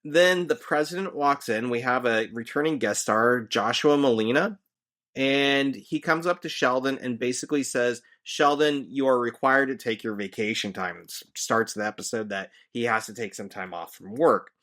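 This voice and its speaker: An easygoing man hosting a podcast, talking through a recap in a relaxed, chatty way. His voice sits at an ordinary middle pitch for a man, and he chuckles easily as he goes. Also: moderate pace. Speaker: podcast host; teacher. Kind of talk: casual recap chat.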